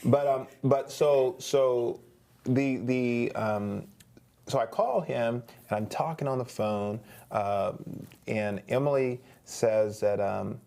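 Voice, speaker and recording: A man's voice: medium pitch, takes it slowly, vocal fry, dark tone. A middle-aged man, a guest on an interview show, animatedly telling a story, acting out quoted voices, with frequent restarts.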